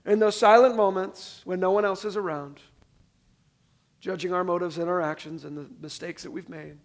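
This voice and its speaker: A man preaching a sermon as pastor in a casual, conversational way, calling on the congregation to answer and dropping from loud emphasis to soft, quiet lines. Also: sits high, fairly even intonation, moderate pace.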